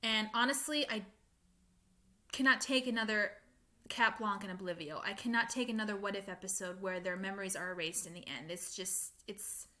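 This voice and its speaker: A young woman ranting casually to her viewers, animated and exasperated, with frequent laughs and fillers. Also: mid-range voice, moderate pace. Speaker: fan vlogger. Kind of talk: casual rant to camera.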